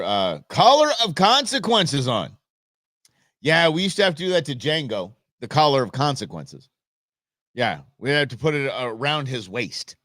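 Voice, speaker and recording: A man's voice: lowish voice, a bit bright, no room sound, studio quality. A man hosting a live stream, chatting casually and telling stories with goofy voices for animals. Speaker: livestream host. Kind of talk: casual chat.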